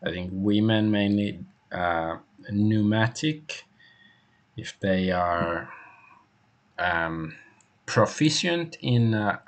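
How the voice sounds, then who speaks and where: Slow, gravelly male game streamer. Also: fairly low pitch, lively intonation. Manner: hesitant, rambling, musing aloud. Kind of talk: casual gameplay commentary.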